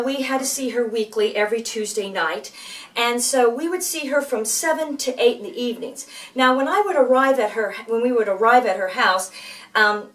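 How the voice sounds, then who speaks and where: A woman's voice: a little high, fairly bright tone. A woman in her sixties telling a personal story casually, with many fillers and restarts. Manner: rambling, many fillers and restarts, acts out quoted voices. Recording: voice from far off the mic.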